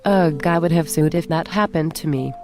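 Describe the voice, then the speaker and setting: A woman's voice: deep voice, a little mellow, a little hiss or hum. A woman playing a chatty, curious granddaughter. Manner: chatty and quick to complain. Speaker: schoolgirl granddaughter in a skit. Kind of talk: amateur scripted skit.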